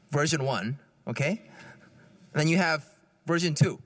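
Priest giving a chatty homily, high and bright voice, long church echo. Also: male voice, unhurried, pauses often. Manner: conversational, lively, often laughing.

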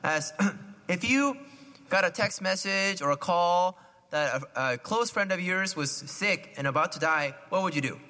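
A man giving a conversational homily, often asking his listeners questions and clearing his throat. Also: a little high, sharp tone. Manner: chatty, asks the listeners questions, frequent "right?". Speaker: preacher. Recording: long hall reverb.

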